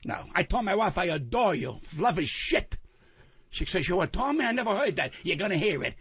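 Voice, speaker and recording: A man's voice: sits high, sing-song, brisk, fairly bright tone, husky, no room sound. An older man, a guest comedian on a radio talk show, ranting in a hostile, profane, combative way. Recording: muffled radio broadcast.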